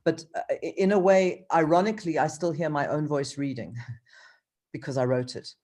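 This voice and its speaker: Low-voiced woman author reading aloud. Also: normal speed, dark tone. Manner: hesitant, with many ums and restarts in chat. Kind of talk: reading her novel aloud and chatting.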